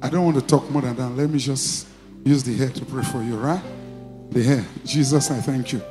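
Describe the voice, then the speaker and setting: In a church, a male pastor with a Nigerian accent preaches and leads deliverance prayer, commanding and repeating short phrases and sometimes shouting. His mid-range voice has fairly even intonation at normal speed, with music in the background.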